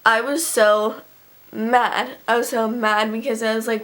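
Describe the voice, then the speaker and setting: A woman's voice: a little high, flat delivery, slow pace, a bit bright. A teenage girl telling a storytime vlog in a rambling, casual way, packing her talk with "like" and swearing freely. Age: teens. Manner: rambling, fills every phrase with "like", swears freely. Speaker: vlogger.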